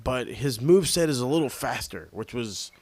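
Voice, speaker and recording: A man's voice: mid-range voice, lively intonation, normal speed, darkish tone, slightly rough, no echo. A man co-hosting a podcast, chatting casually and enthusiastically, swearing now and then. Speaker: podcast co-host. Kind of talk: casual wrestling review chat.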